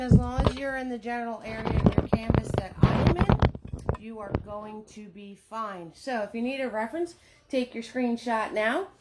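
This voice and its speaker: A woman hosting a live painting lesson, chatty and upbeat, greeting viewers by name as she gives steps. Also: on the high side. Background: faint Irish music.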